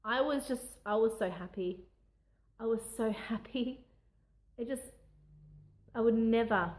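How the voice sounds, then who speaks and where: A young woman, telling a personal story to camera in a candid, emotional way, often restarting her sentences. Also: medium pitch. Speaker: vlogger.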